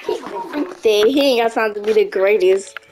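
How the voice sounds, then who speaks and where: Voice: mid-range voice, unhurried, over music. A gaming host giving casual let's-play commentary, chatting to the game characters and to viewers. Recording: noisy recording with mouse clicks.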